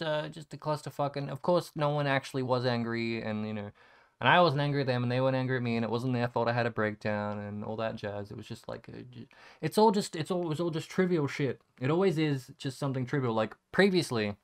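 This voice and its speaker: A young man talks through a rough day in a candid vlog, his voice smooth and clear at a middling pitch. He rambles and stops to restart often, drops casual swears, and lets phrases trail off quietly. He sounds emotional, like he cried not long ago. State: emotional after crying. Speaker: vlogger.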